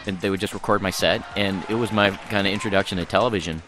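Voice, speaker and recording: A man's voice: low voice, steady tone, fast talker, fairly bright tone. A man recalling his career in a candid, self-deprecating interview segment. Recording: faint music underneath.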